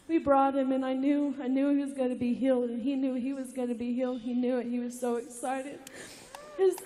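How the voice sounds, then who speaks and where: A woman's voice: sits high, fairly even intonation, fairly quick, mellow. A mother giving an emotional testimony in church, tearful and breathless, laughing through tears. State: crying. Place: large church hall. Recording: long reverb of a big hall.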